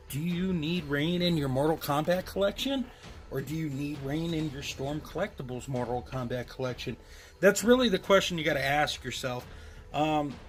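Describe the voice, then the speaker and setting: A man giving a casual, rambling review of an action figure to his viewers, with frequent ums and self-deprecating asides. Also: fairly high pitch. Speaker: toy reviewer.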